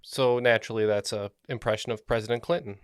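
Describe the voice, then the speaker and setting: A man's voice: mid-range voice, steady tone, fast, smooth, no echo. A man co-hosting a trivia podcast with a mid-range voice and a wry, teasing delivery. The recording is dry and close, with no room sound around him. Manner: joking, wry. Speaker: podcast co-host and player. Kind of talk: casual podcast chat.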